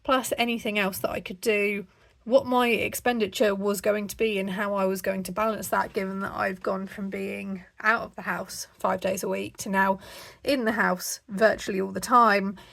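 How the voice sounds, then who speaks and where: A woman's voice: medium pitch, level tone, normal speed, creaky, a bit bright. A woman hosting her own budgeting vlog from home, talking casually to camera in a rambling way with lots of ums. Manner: chatty, rambling, frequent ums. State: slightly out of breath. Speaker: budgeting channel host. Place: at home, indoors.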